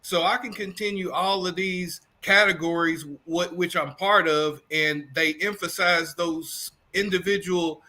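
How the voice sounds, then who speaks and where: A man from Kentucky with a Southern accent, a guest teacher answering in a measured, thoughtful way on a video call. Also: sits high, steady tone, bright, forceful tone. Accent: Southern American. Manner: measured, thoughtful, many fillers. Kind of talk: interview answers.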